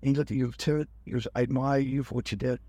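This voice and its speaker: A man's voice: mid-range voice, flat delivery, racing, dark tone, husky, dry recording. An older man telling a rambling personal story in casual talk, acting out the people he quotes. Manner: rambling, acts out quoted officers. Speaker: guest telling his life story.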